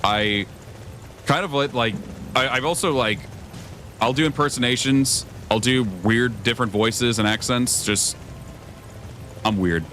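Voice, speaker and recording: A man's voice: medium pitch, a little slow, pauses often, fairly bright tone, slight background noise. A young man streaming a video game, chatting casually with his viewers, swearing often and rambling between thoughts. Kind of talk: casual gameplay commentary.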